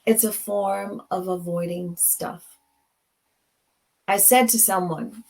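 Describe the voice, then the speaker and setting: A woman hosts a casual motivational talk as an advocate, conversational in manner, slipping into Spanish phrases and acting out little dialogues. She speaks at a medium pitch with a steady tone, slowly, leaving long pauses.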